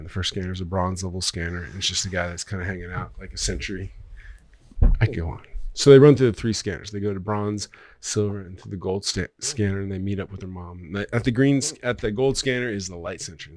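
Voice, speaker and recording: A man on a podcast, a screenwriter guest, casually retelling a story in a rambling way and swearing loosely. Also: low-pitched. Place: podcast studio.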